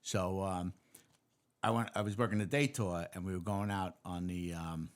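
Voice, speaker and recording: Low-voiced New man recalling stories. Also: normal speed. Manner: relaxed recollection with street-by-street detail. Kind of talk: casual storytelling.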